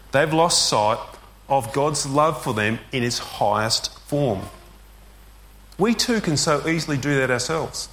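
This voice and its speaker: A man preaching a sermon in an easygoing, conversational way, explaining as he goes with the odd filler. His voice sits a little on the higher side for a man. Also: a bit bright. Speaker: pastor.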